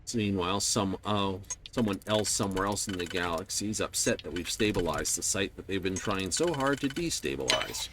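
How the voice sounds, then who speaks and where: A man streams a space game, talking in a low voice that swings animatedly up and down. His chat is sarcastic and casual. The stream audio carries steady background noise and keyboard typing. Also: a little fast, few pauses. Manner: sarcastic, mimics game characters in quotes. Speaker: gaming streamer. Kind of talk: casual live-stream commentary.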